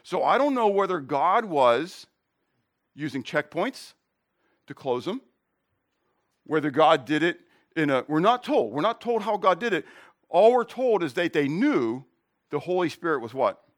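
A man's voice: fairly high pitch, sing-song, measured pace, long pauses. A middle-aged male pastor preaching a conversational sermon, asking the congregation questions and telling jokes and personal stories.

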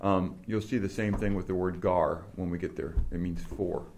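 Male teacher, lowish voice, patient, quizzes students step by step. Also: fairly even intonation, normal speed, a little mellow, a little hiss or hum. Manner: patient, questioning, explains step by step. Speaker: Greek teacher. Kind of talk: classroom instruction.

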